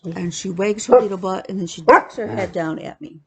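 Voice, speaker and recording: Woman, cross-stitch vlogger, casual chat, animated storyteller, fry in the voice. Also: mid-range voice, brisk, a little hiss or hum. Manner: chatty, animated storytelling with laughs.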